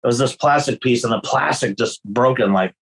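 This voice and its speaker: A man guesting on a podcast, a guitarist telling lively tour stories with swearing and laughter. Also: medium pitch, normal speed, husky, low-quality recording. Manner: animated storyteller, swears and laughs a lot. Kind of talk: casual podcast chat.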